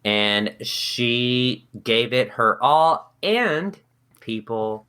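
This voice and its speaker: A woman co-hosting a podcast in casual chat, with a playful, drawn-out delivery. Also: extremely low pitch, animated, a bit bright, clean tone. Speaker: podcast co-host.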